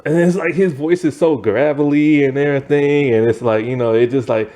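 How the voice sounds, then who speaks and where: Mellow-voiced rambling male movie reviewer. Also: mid-range voice, a little fast, hardly any pauses. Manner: rambling and opinionated, heavy use of "like" and "man". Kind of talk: casual spoken movie review.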